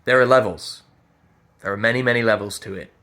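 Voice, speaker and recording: A man's voice: lowish voice, fairly even intonation, fairly quick, pushed and bright. A man, a voice teacher giving an earnest, emphatic motivational talk and repeating phrases as he thinks aloud. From Yorkshire.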